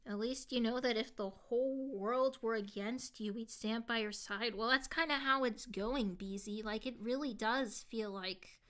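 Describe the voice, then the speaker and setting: Bright-voiced woman streamer chatting with viewers. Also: on the high side, moderate pace, few pauses. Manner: reads viewer comments aloud and answers them, heavy use of "like"; earnest, heartfelt. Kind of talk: casual live-stream chat.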